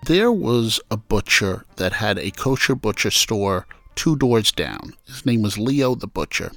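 Gravelly man telling family stories. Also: lowish voice, measured pace, no room sound, faint music behind. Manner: animated storyteller who acts out quoted voices. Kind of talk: casual storytelling interview.

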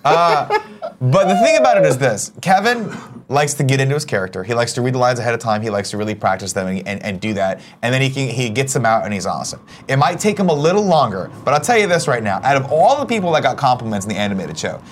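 Hosting a relaxed morning talk show, a man with a mid-range voice talks quickly over slight background noise. Lively and jokey, he reads out viewer questions, banters with co-hosts and swears occasionally.

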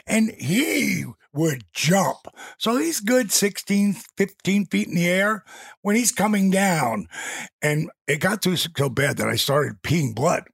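A man in his sixties tells stories as a guest in a dry, close recording. His gravelly, slightly husky voice sits a bit high for a man and swings widely as he acts out quotes and sound effects. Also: lively intonation, takes it slowly, a bit bright, no echo. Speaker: interview guest. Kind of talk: casual storytelling in an interview.

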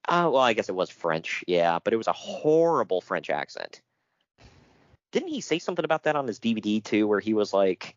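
A man's voice: fairly low pitch, very animated, normal speed, pauses often, no room sound, dull audio. A man co-hosting a casual chat, reading out notes with jokes and frequent laughter. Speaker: podcast co-host.

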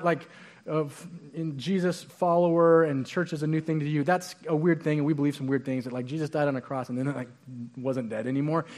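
A man preaching a conversational sermon to his church, animated and full of quick restarts. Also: on the high side. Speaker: pastor.

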